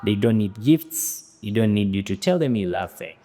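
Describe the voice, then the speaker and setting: Mellow, low-voiced man explaining. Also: lively intonation, normal speed. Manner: explanatory, hesitant, restarts while laying out examples. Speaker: podcast co-host. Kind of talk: casual podcast chat.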